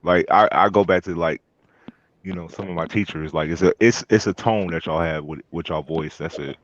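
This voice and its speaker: A man with a very low voice hosts a relaxed, slangy chat and chuckles often. The audio is dull and dry, with little top end and no room sound. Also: normal speed, no room sound. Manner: laid-back, chuckling, slangy. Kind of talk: casual chat.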